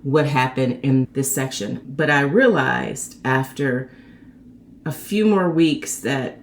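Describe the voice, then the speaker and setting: A woman hosting her own show, telling a personal story in a chatty, animated way and acting out the people in it. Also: takes it slowly, a little hiss or hum. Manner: animated, acts out quoted people with sharp pitch jumps; chatty and conversational. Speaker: host.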